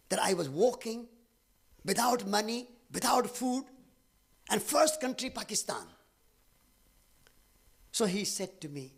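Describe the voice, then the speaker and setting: Husky Indian man telling a story. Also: sits high, animated. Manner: earnest storyteller with dramatic pauses. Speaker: speaker at a public event. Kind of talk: personal storytelling talk.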